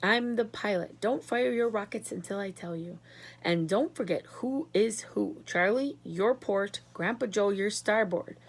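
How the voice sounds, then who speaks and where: A woman's voice: mid-range voice, a little slow. A woman voicing an eccentric, grand male candy-maker in a read-aloud storybook, exclamatory and commanding.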